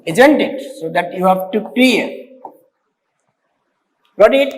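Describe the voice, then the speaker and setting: Slow, high-voiced man teaching in an echoey room. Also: lively intonation. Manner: explains slowly with many repetitions and fillers, spells out words. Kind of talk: exam-prep English lesson. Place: classroom. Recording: echoey room with long reverb.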